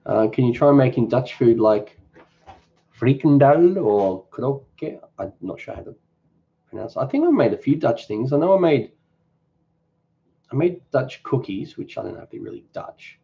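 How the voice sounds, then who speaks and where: Hosting a live Q&A for his cooking channel, a man reads viewer comments out loud and answers them in a relaxed, off-the-cuff manner. His medium-pitched voice is gravelly and sing-song, moving at a moderate pace, and the sound quality is lo-fi.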